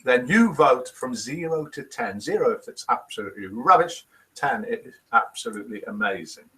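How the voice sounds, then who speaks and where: Heard in a low-quality recording, this live daily show host, a British man in his fifties, has a medium-pitched, sharp-toned voice that's animated and moderately paced. He chats, reads viewers' comments and jokes with self-mockery, and does voices for quotes.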